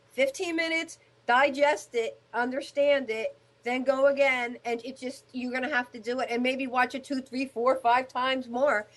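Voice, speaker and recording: Woman talk host, high voice, enthusiastic, chatty. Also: fairly bright tone. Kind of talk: casual chat on a radio talk show.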